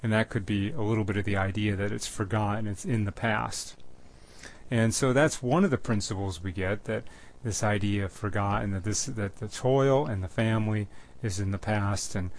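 A man with a lowish voice delivers a Bible-teaching sermon. He speaks in a measured, repetitive manner, often pausing and restarting his phrases. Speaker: preacher.

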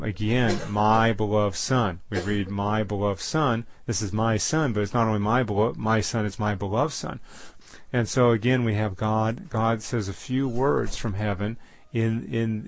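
A man giving a Bible teaching, halting often with fillers and restarts. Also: on the low side. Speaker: preacher.

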